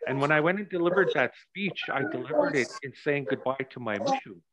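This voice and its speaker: A man's voice: fairly high pitch, very animated, brisk, over a noisy crowd. Muffled male acting coach on a call. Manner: reflective, storytelling explanations. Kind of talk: coaching actors in rehearsal.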